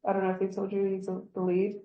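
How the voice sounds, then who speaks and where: A woman's voice: medium pitch, monotone, quick pace, reverberant, lo-fi sound. A woman giving a rambling account of a workplace incident in an interview, acting out what others said. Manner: rambling, acts out quoted dialogue. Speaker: employee giving a workplace statement.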